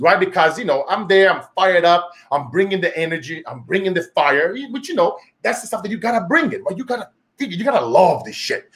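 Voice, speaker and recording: A Brazilian man with a fairly high voice tells a motivational story as host of his own show. He speaks with a Brazilian Portuguese accent, emphatic and lively, breaking into laughter often. His tone stays energetic throughout.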